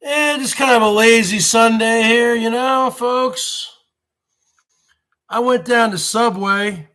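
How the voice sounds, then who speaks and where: A man's voice: very high voice, slow pace, bright, forceful tone. Sarcastic man in his forties ranting. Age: 40s. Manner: sarcastic, emphatic, repeats himself. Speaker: show host. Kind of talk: casual livestream rant.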